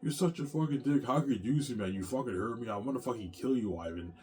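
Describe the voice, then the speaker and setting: A man voicing his angry, jealous wife as she yells, curses and threatens him. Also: medium pitch, fast talker, close to an everyday voice. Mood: furious. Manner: yelling, cursing.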